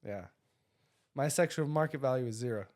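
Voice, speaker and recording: A man co-hosting a podcast in casual chat, an animated storyteller who laughs a lot, curses and slips in Spanish phrases. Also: mid-range voice, brisk. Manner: drops Spanish phrases into English. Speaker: podcast co-host. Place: podcast studio.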